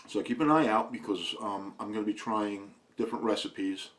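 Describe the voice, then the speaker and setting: Low-voiced man doing a casual home review. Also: moderate pace, few pauses, fairly bright tone, slight background noise. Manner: plainspoken, easygoing, chatty asides. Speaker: product reviewer.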